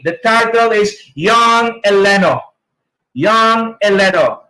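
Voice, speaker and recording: A Filipino man leads a pronunciation lesson in a high, light voice. He speaks slowly and deliberately, drawing out each sound. The room around him rings with echo. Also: pushed and bright. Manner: slow, deliberate, models sounds for repetition. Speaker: teacher. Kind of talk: pronunciation lesson, reading drills aloud. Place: online training session.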